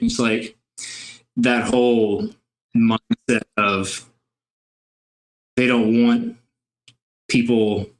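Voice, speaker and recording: A man from Louisiana, a podcast guest, talking in a relaxed, rambling way with lots of fillers. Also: mid-range voice, extremely slow, pauses often. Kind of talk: casual chat.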